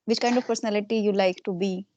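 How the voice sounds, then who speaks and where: A middle-aged woman, interviewing in a casual way and softly repeating short acknowledgements. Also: medium pitch, fairly even intonation, fast talker.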